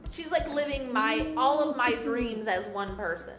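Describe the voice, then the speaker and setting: A woman's voice: on the high side, animated, moderate pace, a bit bright, echoey room, soft background music. A woman co-hosting a casual chat, rambling and enthusiastic, with lots of fillers. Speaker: podcast co-host.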